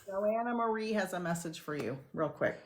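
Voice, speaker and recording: A woman's voice: medium pitch, animated, moderate pace, a little hiss or hum, poor audio. A woman medium hosting a live stream, thanking viewers and giving firm instructions for the chat.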